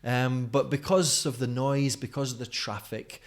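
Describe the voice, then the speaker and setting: At home at night, a mildly Scottish man in his forties records a conference talk to the camera in front of him. His middle-pitched delivery has fairly even intonation and is a little slow, and as a teacher trainer he sounds friendly and chatty, with many fillers.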